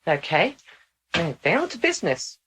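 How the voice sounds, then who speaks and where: A man speaking in a channeling session, measured and instructive, sometimes formal in phrasing. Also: fairly high pitch, wildly swooping pitch, noisy background.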